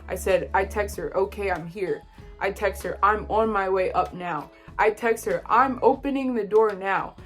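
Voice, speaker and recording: Chatty young woman telling a story. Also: medium pitch. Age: young adult. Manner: animated, quoting others in lively bursts. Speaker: vlogger. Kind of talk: casual storytime.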